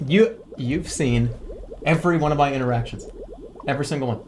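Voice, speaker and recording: A man's voice: mid-range voice, fairly quick, darkish tone, a little hiss or hum. A man streaming a video game, joking and repeating himself as he talks back to it. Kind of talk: casual live-stream commentary.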